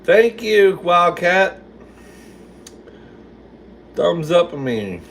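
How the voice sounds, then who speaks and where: A man's voice: sits high, very animated, very slow, fairly bright tone, slight background noise. A man hosting a casual livestream from his kitchen while he cooks, answering viewer comments in a sassy, foul-mouthed way and calling everyone "girl.". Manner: sassy, swears a lot, calls viewers "girl". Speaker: livestream host. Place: home kitchen.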